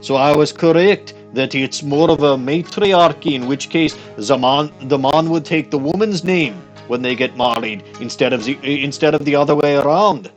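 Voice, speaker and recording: Streamer, male, slightly high voice, hammy fake Scottish brogue on game text, faint music under. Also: normal speed, hardly any pauses. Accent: put-on Scottish. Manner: goofy, reads dialogue in a put-on Scottish accent. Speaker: let's play streamer. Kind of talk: game commentary with reading aloud.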